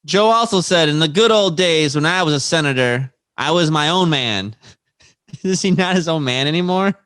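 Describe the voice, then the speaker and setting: A man's voice: fairly high pitch, animated, normal speed, fairly bright tone, clean tone, no room sound. A man co-hosting a casual podcast, reading quotes aloud and laughing between them. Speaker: podcast co-host.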